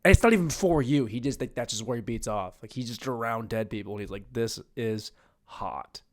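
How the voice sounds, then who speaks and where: Rambling comedian talking to himself. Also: male voice, mid-range voice, quick pace. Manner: rambling, self-mocking, crude jokes; swings from mumbled asides to loud bursts. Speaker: podcast host. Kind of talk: solo comedy monologue.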